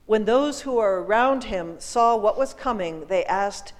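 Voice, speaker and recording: Slow, deliberate woman lector in church. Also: mid-range voice, lively intonation, big-room sound, rough recording. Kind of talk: liturgical scripture reading.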